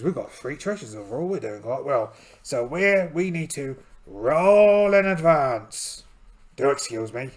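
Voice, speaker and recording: A man's voice: fairly high pitch, expressive, moderate pace, creaky. A man narrating a solo tabletop game in a chatty, self-amused way, adding playful asides as he rolls dice.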